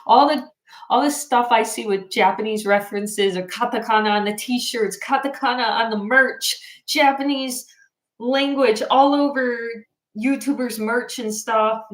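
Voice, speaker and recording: A woman's voice: on the high side, measured pace, reverberant. A tired woman hosting a casual livestream, chatting and reading out viewer comments. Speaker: livestream host. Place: home in Japan.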